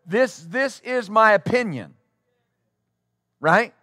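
High-voiced man preaching a sermon. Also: lively intonation, slow pace, dry recording, clean studio sound. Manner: conversational preaching with sudden bursts of loud exclamation. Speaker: pastor. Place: church sanctuary before a congregation.

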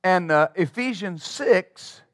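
A man's voice: high voice, animated, takes it slowly, no echo, clean studio sound. A man preaching a sermon as pastor, emphatic and rhythmic, drawing call-and-response from his congregation.

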